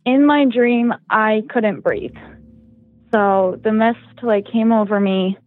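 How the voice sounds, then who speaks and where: On a casual podcast, a young female guest tells a personal story in a slow, high-leaning voice, wandering off course and filling it with "like" and "um." The audio is dry and tinny, like a phone, with no echo.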